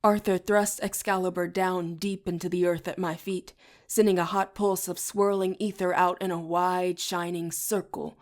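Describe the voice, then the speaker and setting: A woman narrating an audiobook in the first person with a steady, even reading. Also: lowish voice, normal speed, hardly any pauses. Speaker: audiobook reader.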